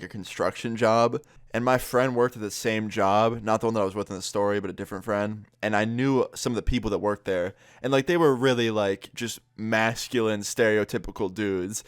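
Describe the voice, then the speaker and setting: A man's voice: lowish voice, clear, resonant tone, no room sound, clean studio sound. A young man recounting a prank story in a casual vlog, laid-back, swearing freely and laughing as he goes. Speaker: YouTuber.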